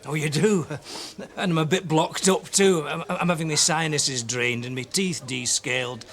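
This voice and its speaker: A man's voice: fairly high pitch, a little slow, fairly bright tone. An actor playing an awkward man on a date who overshares. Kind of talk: TV sitcom acting.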